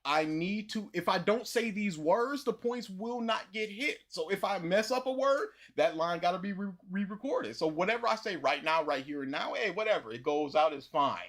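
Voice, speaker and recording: Man, higher voice, casual livestream chat, rambling, repetitive. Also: normal speed, hardly any pauses. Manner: rambling, animated storytelling with repetitions. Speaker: YouTuber hosting a livestream.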